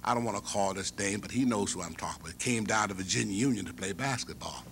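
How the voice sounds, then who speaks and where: An older man giving a humorous storytelling speech at an academic convocation, folksy and animated, chuckling as he goes. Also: fairly low pitch, fast, vocal fry, slight background noise. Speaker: convocation speaker.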